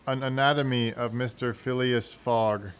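A man giving scripted storybook narration in a measured, wry manner. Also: medium pitch, steady tone, clear, resonant tone.

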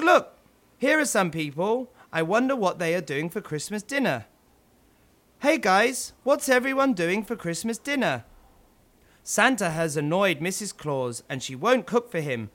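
A man voicing an eager little Christmas elf who talks in an excitable, high voice. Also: moderate pace. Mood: excited. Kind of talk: storybook character voice.

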